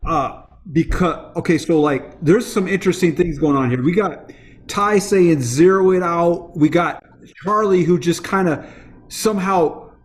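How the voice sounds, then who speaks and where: A man moderating a discussion over a video call, reflective and reassuring as he sums up what others said. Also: sits high. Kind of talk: casual discussion.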